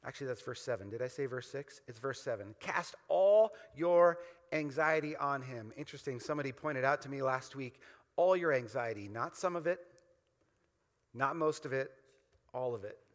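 A man's voice: mid-range voice, brisk, fairly bright tone, long reverb tail. A man preaching a sermon as pastor, emphatic and repetitive, leading the congregation in call-and-response.

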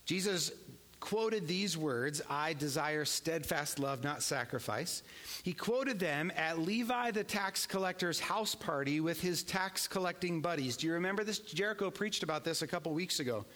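Male pastor, slightly higher register, earnest emphatic sermon delivery. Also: lively intonation, moderate pace, in a large hall. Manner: earnest, emphatic preaching, swings between hushed and raised.

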